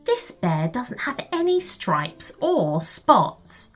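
A woman's voice: fairly high pitch, sing-song, slow, soft background music, full character voice. A woman voicing Carney, an insistent know-it-all young boy.

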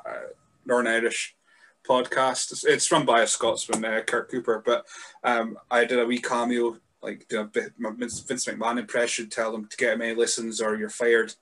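A man's voice: mid-range voice, a bit bright. Laid-back sweary Scottish man. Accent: mild Scottish. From Scotland. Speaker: podcast guest. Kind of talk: casual chat.

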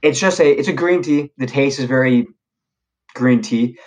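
Animated young man telling stories. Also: medium pitch, moderate pace, poor audio. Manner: animated storyteller, lots of fillers and restarts, slangy. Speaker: podcast guest. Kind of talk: casual storytelling chat.

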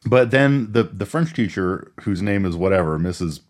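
A man co-hosting a casual movie podcast, rambling through the plot with laughs and quick character impressions. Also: on the low side, expressive, a little mellow. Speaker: podcast co-host. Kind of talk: casual movie recap chat.

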